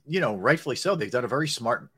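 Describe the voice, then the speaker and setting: A man's voice: mid-range voice, expressive, fast talker, bright, forceful tone, slightly rough. A man co-hosting a sports talk show, weighing his points thoughtfully with frequent restarts. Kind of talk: casual sports chat.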